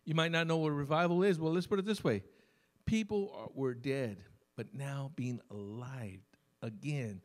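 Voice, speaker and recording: A man preaching a sermon as pastor, telling stories conversationally and slowing down to stress key words. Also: mid-range voice. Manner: conversational storytelling preacher, emphatic with sudden slow stresses. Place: church service.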